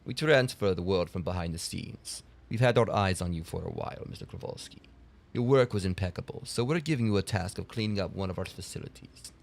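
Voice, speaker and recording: A sinister male spokesman of a shadowy society, voiced by a man in a put-on Russian accent, speaking slowly and gravely in a low voice. Every word lands as a quiet threat. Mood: ominous.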